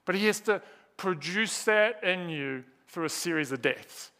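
A man's voice: sits high, animated, unhurried, bright, forceful tone. A man preaching a sermon, earnest and emphatic, asking rhetorical questions and repeating key words.

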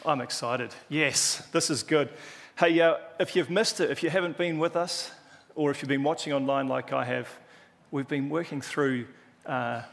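A man's voice: on the high side, moderate pace, gravelly, a bit bright. Sex: man. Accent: New Zealand. Style: casual joking sermon. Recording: long church-hall reverb. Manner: chatty, joking, self-deprecating. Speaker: preacher.

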